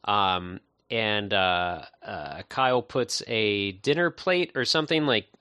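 A man in casual chat recapping a movie, laid-back and rambling with many pauses. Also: fairly low pitch, sharp tone, clean tone, no echo, clean studio sound.

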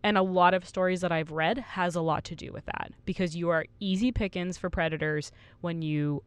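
A woman's voice: lowish voice, steady tone, a little fast, smooth, dry recording. A woman in her twenties co-hosting a casual podcast, reading study findings aloud and laughing at her own slips. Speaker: podcast co-host.

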